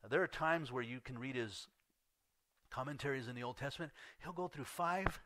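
A male pastor preaching a sermon in an earnest way, swinging between loud emphasis and hushed asides. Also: mid-range voice, normal speed, no echo.

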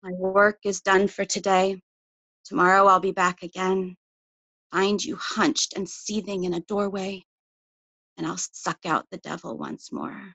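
A woman poet reading her own poem aloud in a measured, even voice. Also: mid-range voice, gravelly, dry recording, highs cut off. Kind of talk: poetry reading.

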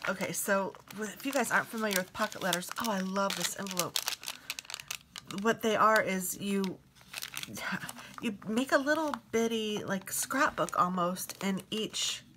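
A woman vlogger casually showing off craft mail she received, gushing softly and sometimes dropping to a whisper. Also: lowish voice, background noise. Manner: gushing, soft-spoken, drifts into whispers. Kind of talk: casual show-and-tell unboxing.

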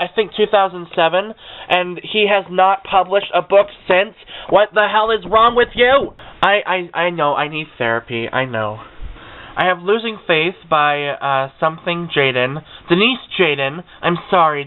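A young man with a somewhat high, smooth voice chats in a gushing way and makes fun of himself now and then. The sound is thin and tinny, as if from a cheap webcam mic. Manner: chatty and gushing, with self-mocking asides. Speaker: book vlogger. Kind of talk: casual chat.

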